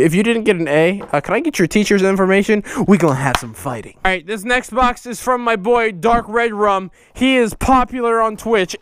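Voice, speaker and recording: A young man vlogging as he opens fan mail, excitable and swearing a lot, breaking into shouts. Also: high-pitched, smooth. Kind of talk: casual profane vlog chat.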